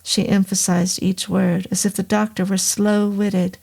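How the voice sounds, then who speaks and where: A woman hosting and reading a horror story aloud in a slow, measured narration. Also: mid-range voice, flat delivery, creaky, mellow, husky. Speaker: audiobook narrator and host.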